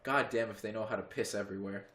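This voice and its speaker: A man's voice: fairly low pitch, fairly even intonation, fast, a bit bright, reverberant. A man co-hosting a podcast in casual chat, rambling with lots of "like" and plenty of swearing, recorded in a friend's home. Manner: rambling, heavy use of "like", swears freely. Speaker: podcast co-host.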